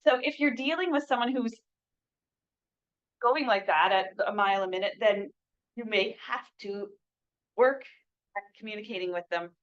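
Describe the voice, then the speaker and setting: A woman's voice: mid-range voice, normal speed, long pauses, a bit bright. A woman leading a sales training class in a small room. She talks casually and acts out sample sales lines for her listeners. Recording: dull lo-fi recording.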